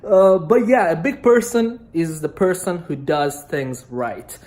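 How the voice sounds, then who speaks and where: A woman's voice: on the low side, measured pace, dark tone. A woman from Iran talking casually to camera about business, rambling and joking, tagging lines with "okay?". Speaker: vlogger. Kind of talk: casual motivational monologue to camera.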